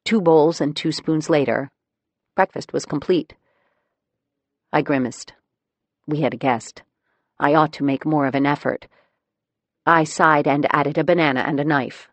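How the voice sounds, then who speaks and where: A woman narrating an audiobook in the first person, telling the story in a wry, measured way. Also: low voice, no echo.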